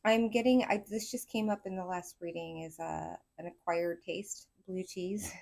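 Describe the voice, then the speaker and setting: Woman, Southern accent, tarot reader, low-pitched, excitable, rambling, casual chat to viewers. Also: normal speed, vocal fry. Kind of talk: casual pick-a-card tarot reading.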